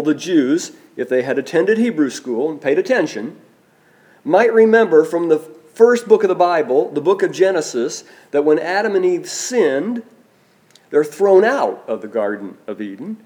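A man preaching a sermon, slow and deliberate, letting his voice drop soft on key phrases. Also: on the high side, lively intonation. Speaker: pastor.

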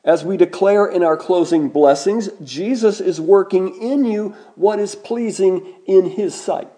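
A man preaching a sermon in a slow, emphatic way, with dramatic pauses on key words. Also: high-pitched, dark tone. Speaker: pastor.

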